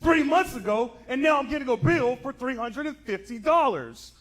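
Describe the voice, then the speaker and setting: Guy putting on an angry caller dude, slow and loud, pitched way up. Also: expressive. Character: angry male caller disputing a bill.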